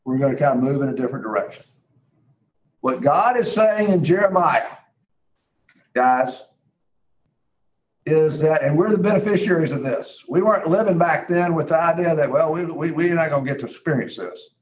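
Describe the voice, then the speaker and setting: A man's voice: on the high side, expressive, moderate pace, long pauses, poor audio. A man teaching a Bible class in a conversational way, earnest and emphatic, thinking aloud as he reads scripture.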